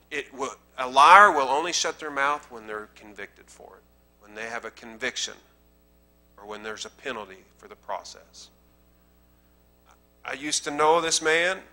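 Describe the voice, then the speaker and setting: In a church sanctuary, a male Southern American preacher with a bright, slightly high voice delivers a sermon. His conversational preaching swells into emphatic repetition.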